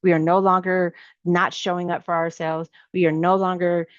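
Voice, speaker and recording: Emphatic woman coach, low-ish voice. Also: flat delivery, moderate pace, smooth, no room sound. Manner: emphatic, repetitive, sermon-like phrasing; casual, addresses listeners as sis. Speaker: life coach. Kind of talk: motivational teaching talk. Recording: slightly dull, lo-fi recording.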